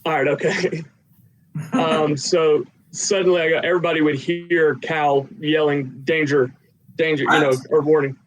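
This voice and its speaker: A man's voice: fairly high pitch, fairly even intonation, moderate pace, poor audio. A man narrating a tabletop game as game master, rambling with many fillers.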